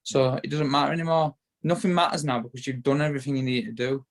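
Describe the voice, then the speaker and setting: Here the bare-knuckle boxer talks fast in a mid-range voice with fairly even intonation. He's a guest in a casual interview with a Yorkshire accent, and he rambles, restarting often and repeating words.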